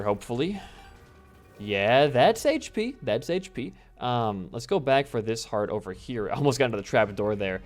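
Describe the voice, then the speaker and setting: A man from the US Midwest doing casual gameplay commentary, telling a rambling story and swearing freely as he plays. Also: mid-range voice. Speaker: gaming YouTuber.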